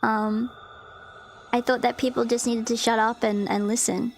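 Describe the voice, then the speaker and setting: A woman with a high, bright voice hosts a casual live stream. She reads a passage aloud in a loose, chatty way, full of "um"s and "like"s. She keeps breaking into giggles and squeaky cries of disbelief. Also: little pitch movement, normal speed, soft background music. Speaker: VTuber streamer.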